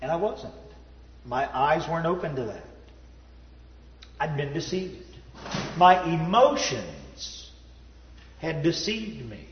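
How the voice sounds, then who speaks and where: A man telling a personal story in a sermon, folksy and self-deprecating, dropping to a low hush at the sad parts. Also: very animated, slow, pauses often, slight background noise. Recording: roomy hall reverb, dull sound.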